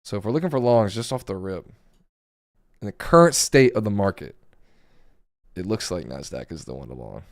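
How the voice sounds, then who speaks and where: A man talks through his live trades in a relaxed, thinking-aloud way. His voice sits low and has a rough, gravelly edge, and it sounds worn and hoarse. The sound is dry and close, with no room echo. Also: normal speed, long pauses. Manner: casual, thinking aloud over charts. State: hoarse, voice going. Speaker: day trading streamer. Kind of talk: live trading commentary.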